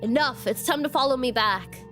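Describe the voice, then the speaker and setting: A woman's voice: sits high, a little fast, a bit bright, faint music behind. A woman voicing a harsh, domineering old male master who speaks with contempt, reading his lines from a game. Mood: commanding. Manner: contemptuous, commanding.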